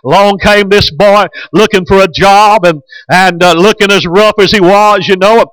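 A man's voice: high-pitched, fairly even intonation, normal speed, a bit bright, clear, resonant tone, dry recording, poor audio. A man preaching a sermon as a pastor, telling stories in a folksy way and often hesitating. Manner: folksy storytelling with frequent hesitations.

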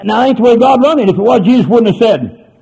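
Man, husky voice, preacher in a church, hushed then shouting. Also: extremely high pitch, animated, fast, poor audio. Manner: swings from hushed storytelling to hollering shouts. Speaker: pastor. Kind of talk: holiness sermon.

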